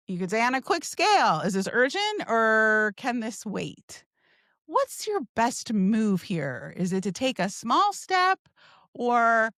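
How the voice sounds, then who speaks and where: A woman sales coach teaching in an upbeat, expressive way and acting out example lines. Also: a little high, no room sound, studio quality. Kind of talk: teaching monologue.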